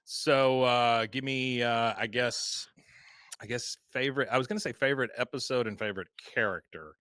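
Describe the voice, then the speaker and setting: A man hosting a podcast, telling stories in a casual, animated way with lots of fillers. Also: mid-range voice, normal speed, clear, resonant tone, no echo. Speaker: podcast host.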